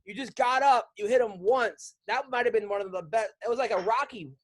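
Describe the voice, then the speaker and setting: A man's voice: sits high, a little fast. A man hosting a podcast, chatting casually and enthusiastically. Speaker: podcast host. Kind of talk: casual chat.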